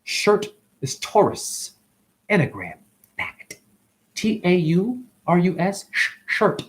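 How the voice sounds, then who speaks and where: A man giving a free-flowing spiritual monologue on his channel. He talks animatedly, calls the listener honey, and swings between loud bursts and whispers. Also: takes it slowly. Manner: animated, sudden jumps in pitch and loudness. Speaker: spiritual vlogger.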